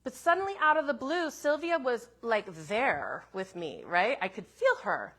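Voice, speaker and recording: A woman minister telling a personal story in a sermon, in a gentle, reflective way with soft asides. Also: a little high, sing-song, normal speed.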